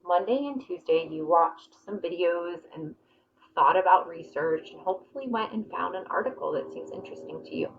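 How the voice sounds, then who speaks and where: A woman's voice: fairly low pitch, expressive, normal speed, creaky, muffled recording, slight background noise. A young adult woman teacher giving her class a casual, direct update on the week's plan, with frequent ums.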